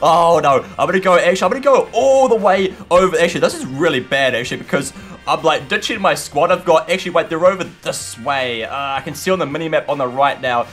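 A young man giving chatty, excitable commentary while playing a game, shouting in the fights. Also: a little high, fast, soft background music. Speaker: gaming channel host. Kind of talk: casual gameplay commentary.

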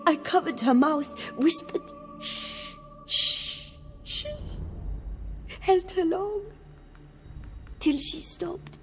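A woman's voice: extremely high pitch, animated, darkish tone, in a large hall, faint music behind, full character voice. A woman voicing a terrified young boy who stammers and halts through his words. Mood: frightened. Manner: stuttering, halting, shaky.

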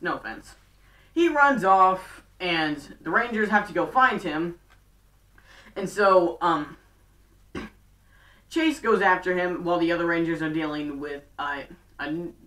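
A woman casually recapping a TV show, rambling and talking in quick bursts full of fillers. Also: fairly low pitch, sharp tone. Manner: chatty and rambling, fast bursts, many fillers. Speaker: fan video recapper. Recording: roomy, distant from mic.

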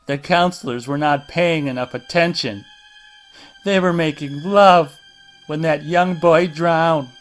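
A man doing a quietly unhinged middle-aged woman. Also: a little high, measured pace, faint music behind, natural voice. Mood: menacing. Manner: quiet, bitter, menacing.

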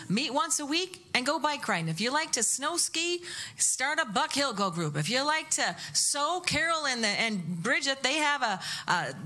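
A woman's voice: fairly high pitch, bright, forceful tone. A woman pastor making enthusiastic, off-the-cuff church announcements and encouraging people to lead groups.

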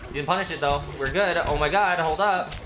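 A man livestreams a fighting game, talking to viewers and thanking them for likes, then swearing and shouting whenever he takes a hit. His voice is fairly high and brisk, and the recording sounds roomy with game music in the background.

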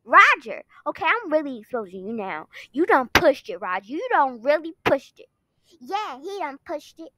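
A woman's voice: high-pitched, big pitch swings, noisy background. A woman playing a sassy, neglected girlfriend. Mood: furious. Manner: sassy, threatening, quick comebacks. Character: young woman, sharp-tongued, neglected girlfriend. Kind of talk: amateur online drama.

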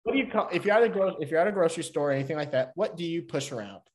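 A man's voice: a little high, lively intonation, racing. A man with a Southern US accent from Georgia, a podcast guest who chats in a rambling, self-laughing way. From Atlanta, Georgia. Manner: chatty, rambling, laughs at himself. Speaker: podcast guest, baseball player. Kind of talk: casual podcast chat.

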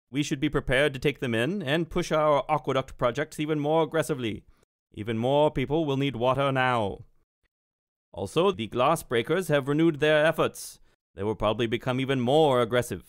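Man playing a commanding immortal wizard, brisk and a touch higher, dry close sound. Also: dry recording, natural voice. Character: urgent wizard man dictating orders.

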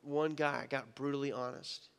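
A man's voice: medium pitch, steady tone, moderate pace, creaky, clear, resonant tone. A man preaching a sermon as pastor, impassioned and conversational, with frequent restarts. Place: church sanctuary. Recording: church hall reverb.

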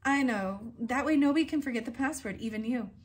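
A woman voicing a simple-minded male forest sentry with a thin, high voice who speaks soothingly and sounds pleased with himself. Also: a little fast, natural voice.

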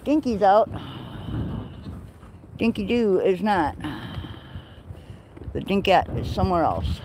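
A woman's voice: mid-range voice, very animated, takes it slowly, pauses often, warm tone, slight background noise, poor audio. A woman livestreaming from an outdoor farm pen, cooing baby talk to her goats and chicks in a casual way. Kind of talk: casual chat to farm animals.

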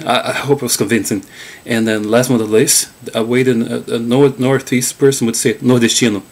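A man with a Carioca Brazilian accent teaches in a relaxed, unscripted way, stopping often to search for words. His English carries the rhythm of a native Portuguese speaker. He sounds like a regular host explaining things to his viewers. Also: medium pitch. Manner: halting, many fillers and restarts. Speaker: language teacher. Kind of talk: casual video lesson.

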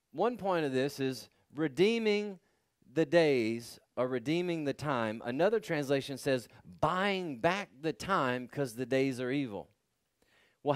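A man's voice: medium pitch, dry recording, studio quality. A man pastor preaching a sermon, building emphasis and calling for responses from the congregation.

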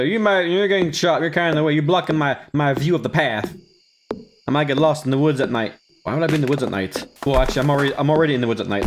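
A man giving casual, playful commentary on his own gameplay, talking to himself and jumping into silly voices. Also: mid-range voice. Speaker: let's play gamer.

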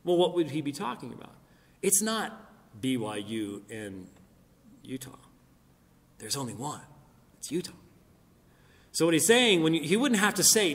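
A man's voice: high-pitched, very animated, normal speed, pauses often. A middle-aged man giving an apologetics lecture in a church hall. He argues emphatically and pushes his voice up on key points, with fillers and restarts in between. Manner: emphatic, argumentative, rising loud on key points. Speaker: Christian apologist speaker. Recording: long hall reverb.

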